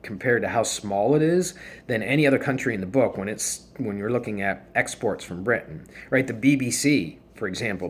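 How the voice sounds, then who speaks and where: A man's voice: fairly low pitch, a little hiss or hum. A man lecturing to students in a conversational way, often restarting and repeating words as he talks to the class. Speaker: university lecturer. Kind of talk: recorded lecture.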